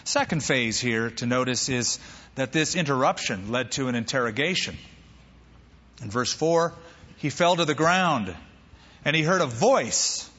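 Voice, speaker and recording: A man preaching a sermon as pastor, lively and animated, acting out quoted voices. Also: mid-range voice, measured pace, long reverb tail, highs cut off.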